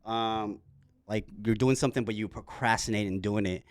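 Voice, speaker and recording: A man hosting a casual podcast chat, telling animated stories full of slang and swearing. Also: on the low side, moderate pace, no echo, clean studio sound. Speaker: podcast host. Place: podcast studio.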